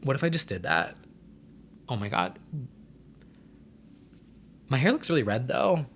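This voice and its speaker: Chatty, bright-toned young man vlogging. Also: medium pitch, sing-song, unhurried, slight background noise. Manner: rambling, chatty, sassy slang. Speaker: vlogger host. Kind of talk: casual chat to camera.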